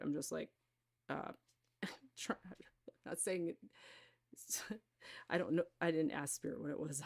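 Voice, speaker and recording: Speaking in a low, creaky voice, a woman hosts a card and pendulum reading live stream. Her casual talk to viewers wanders, with frequent fillers and restarts.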